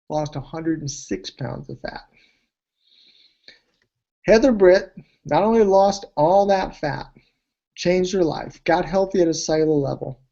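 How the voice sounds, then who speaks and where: A man presenting a weight-loss program, telling testimonial stories in an animated way, his voice leaping high when he gets excited. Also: creaky, highs cut off. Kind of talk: testimonial storytelling speech.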